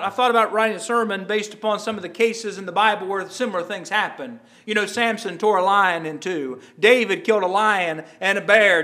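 A middle-aged man preaches with a high, bright voice that rings with an edge. He talks earnestly, stumbling into repeated words and restarts as he works through his points. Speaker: pastor. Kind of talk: sermon.

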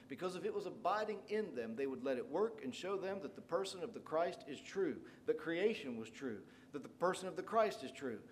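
A man preaching a sermon, reading scripture aloud and paraphrasing it with rising emphasis. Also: a little high. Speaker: pastor.

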